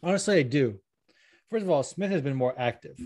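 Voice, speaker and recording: A man's voice: on the high side, lively intonation, fairly quick, a little mellow, no echo. Podcast host guy, rambly, says like a lot, dry close sound. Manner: rambling, lots of "like", laughs easily. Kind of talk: casual podcast chat.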